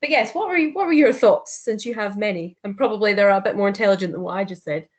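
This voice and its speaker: A woman's voice: mid-range voice, expressive, fast, muffled recording. A woman co-hosting a podcast, chatting casually and laughing along easily. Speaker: podcast co-host. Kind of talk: casual chat.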